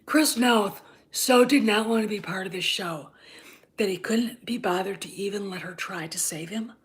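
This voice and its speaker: A woman in her fifties delivers an angry rant on her own channel, swearing freely and dripping with sarcasm. She often sinks into a hushed whisper, then punches a point with a pointed "okay?". Her pitch sits at an ordinary middle height for a woman. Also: moderate pace. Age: 50s. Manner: emphatic, repeats "okay?" for emphasis. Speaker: channel host and TV critic. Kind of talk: ranting commentary.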